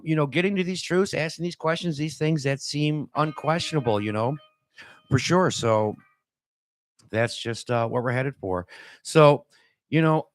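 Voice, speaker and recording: A man's voice: on the high side, a bit bright, no echo. A man in his fifties, born and raised in Detroit, hosting a casual opinion talk show and rambling in a folksy way with lots of "you know" and restarts. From Detroit, USA.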